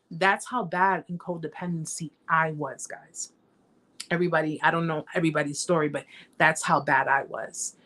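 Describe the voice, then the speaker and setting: Her voice sits low and sounds pushed and bright, with fairly even intonation at normal speed. She's a middle-aged host of a survivor support live chat, sharing her personal story emotionally on a livestream, emphatic and repetitive, frequently speaking straight to viewers.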